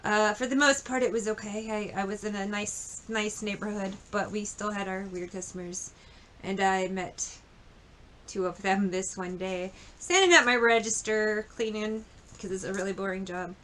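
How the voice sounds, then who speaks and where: A woman talks through a tarot spread in a loose, chatty way, swearing without a second thought. Her voice is bright and a little sharp. A faint hiss sits under the recording. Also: mid-range voice, steady tone, normal speed. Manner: chatty, blunt, swears freely. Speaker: tarot reader. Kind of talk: casual tarot reading with storytelling.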